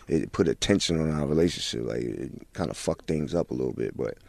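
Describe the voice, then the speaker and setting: Deep-voiced laid-back man, dry sound. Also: brisk, creaky, dry recording. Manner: laid-back, many "you know what I'm saying" fillers. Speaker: guest rapper. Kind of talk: casual interview talk.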